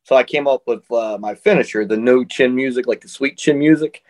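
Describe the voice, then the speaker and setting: A man in an interview, a professional wrestler telling stories in a relaxed, chatty way and laughing often. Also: mid-range voice, brisk. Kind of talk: casual storytelling.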